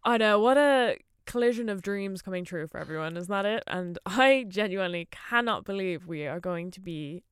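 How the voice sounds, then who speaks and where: Woman, podcast co-host, smooth clear voice, dry close sound, chatty and eager. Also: mid-range voice, expressive, normal speed, hardly any pauses, no room sound. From Ireland. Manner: chatty and enthusiastic, with fillers like "kind of". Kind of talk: casual chat.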